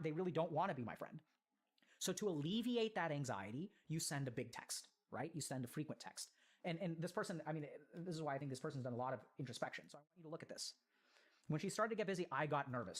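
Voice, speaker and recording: A mental health commentator in a played video explains a viewer's letter in an earnest way, often filling with "like" and "right?". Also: mid-range voice.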